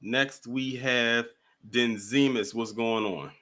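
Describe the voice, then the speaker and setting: Male call-in host, bright, animated storyteller, casual. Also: mid-range voice, slow pace. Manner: animated, laughs while telling stories. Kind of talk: casual chat.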